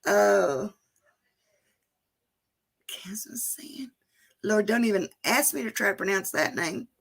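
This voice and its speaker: A woman's voice: mid-range voice, animated, moderate pace, gravelly, husky. A woman hosting a casual livestream, chatting to viewers, reading names from the chat and laughing often. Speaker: channel host reading live chat.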